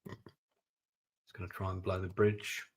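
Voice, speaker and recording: Man, deep low voice, husky, casual gameplay commentary, muttering to himself. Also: little pitch movement, slow pace. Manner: thinking aloud, muttering asides. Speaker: streamer playing a strategy game.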